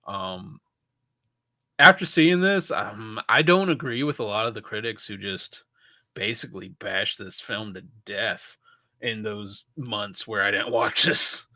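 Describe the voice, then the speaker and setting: Man, podcast co-host, casual film review, bright forceful tone, dry close sound, restarts a lot, swears casually. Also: lowish voice, a little slow, dry recording.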